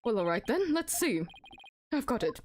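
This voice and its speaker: A woman's voice: a little high, big pitch swings, normal speed, over music, pitched above the performer's own voice. A woman doing a prim British defense lawyer. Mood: determined. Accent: exaggerated British. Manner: prim, proper.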